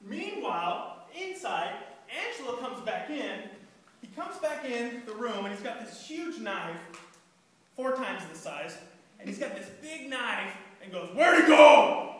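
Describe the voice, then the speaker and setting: Lively storyteller, comic anecdote, bright tone, big echoey hall, distant mic. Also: medium pitch, unhurried. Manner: animated, laughing through the story. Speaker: speech contest speaker.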